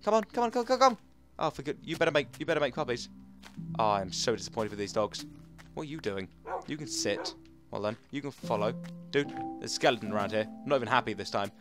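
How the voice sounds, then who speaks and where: Chatty young man over game music. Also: quick pace. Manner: chatty, talks to animals, jumps to high-pitched shouts. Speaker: gaming channel host. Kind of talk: casual let's play commentary.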